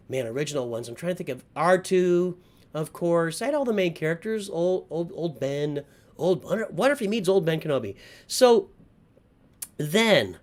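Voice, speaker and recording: Chatty middle-aged man, higher voice. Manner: rambling, nostalgic, answers live chat. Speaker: livestream host. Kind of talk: casual livestream chat.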